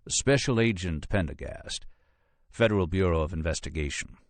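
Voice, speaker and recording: A male narrator voicing a pale, courtly male FBI agent who speaks softly with an upper-class Southern accent and formal, unhurried phrasing. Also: low voice, expressive, no room sound. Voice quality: soft, mellifluous, flowing. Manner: polite, languid, formal phrasing.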